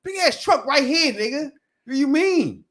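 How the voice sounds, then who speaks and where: Animated high-voiced man telling a story. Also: normal speed. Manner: animated storytelling, shouts and laughs while acting out quotes. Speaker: podcast co-host. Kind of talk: casual podcast chat.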